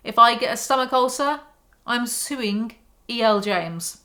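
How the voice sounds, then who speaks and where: A woman's voice: fairly high pitch, animated, unhurried, sharp tone. A woman reading a book aloud and mocking it in sarcastic, exasperated commentary. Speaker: YouTuber.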